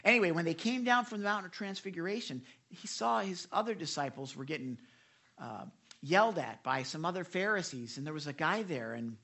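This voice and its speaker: A preacher giving an animated devotional sermon, retelling scripture with many repeated starts and asking listeners direct questions. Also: mid-range voice, a little fast.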